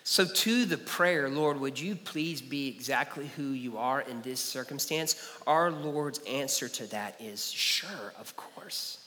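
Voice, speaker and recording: A man's voice: medium pitch, a little slow, few pauses, sharp tone. A man preaching a sermon as a pastor, earnest and personal, telling stories and repeating key phrases. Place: church sanctuary. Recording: church hall reverb.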